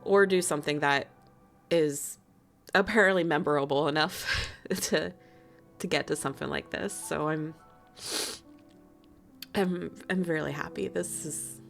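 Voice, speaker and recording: A young woman streaming casually, excitable, laughing and swearing as she chats with her viewers. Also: sits low. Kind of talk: casual live-stream chat.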